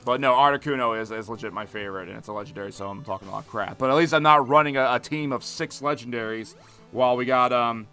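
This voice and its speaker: A man streaming a video game, rambling in animated commentary and chatting with his viewers. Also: mid-range voice, quick pace, faint music behind. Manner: rambling, animated, talks to chat. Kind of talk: live gameplay commentary.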